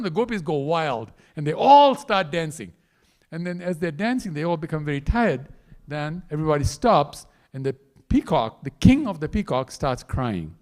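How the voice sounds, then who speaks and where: Guy telling a story at a temple class, high voice, swoops all over, really animated. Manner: animated storyteller, acts out characters. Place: temple hall.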